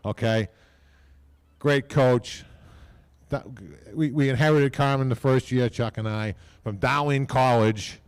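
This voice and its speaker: A man's voice: medium pitch, fairly even intonation, a little slow, clear, resonant tone. Folksy older man. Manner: rambling, folksy, repeats "okay?" and phrases. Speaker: team owner speaking at a hall of fame ceremony. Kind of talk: casual off-the-cuff speech.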